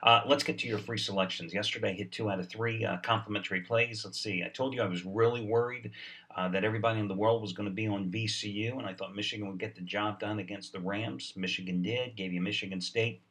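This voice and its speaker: Low-voiced man pitching betting picks. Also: fairly even intonation, fast, a bit bright, distant mic. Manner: salesy, sarcastic, many "uh" fillers. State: short on sleep. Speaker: sports betting handicapper. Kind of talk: sports betting video report.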